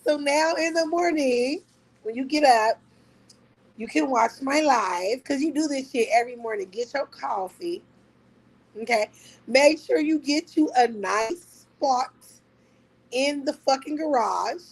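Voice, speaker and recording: Talking into her phone on a livestream, a high-voiced woman goes on a loose, casual rant, mocking her target with profane trash talk. She laughs often and speaks unhurriedly, and the audio quality is poor.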